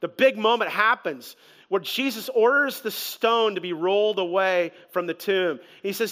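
A man preaching a sermon as pastor, animated and conversational, with humor. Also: high voice, normal speed.

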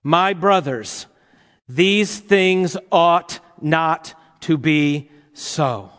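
A man preaching a sermon to his congregation in an animated, playful way, asking them rhetorical questions. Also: fairly high pitch, very slow. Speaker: pastor. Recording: long hall reverb.

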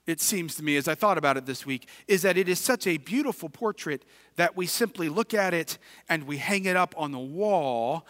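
A male pastor with a Midwestern American accent preaching a sermon, moving from quiet reflection to shouted emphasis. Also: on the high side. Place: church sanctuary. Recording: reverberant hall, distant at times.

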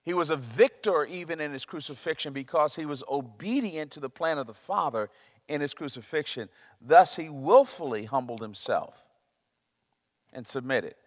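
A man's voice: fairly high pitch, expressive, normal speed. A man preaching a sermon, emphatic and prone to repeating himself as he searches for words. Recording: long reverb of a large hall.

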